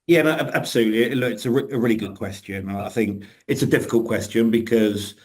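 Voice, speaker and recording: A man's voice: mid-range voice, fairly even intonation, fast talker. A man representing an insurer on a webinar panel over a video call, answering openly and repeating key words.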